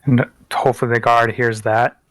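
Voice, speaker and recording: Hesitant player, dry close sound. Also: male voice, medium pitch, level tone, moderate pace, fairly bright tone, no echo. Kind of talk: casual tabletop play.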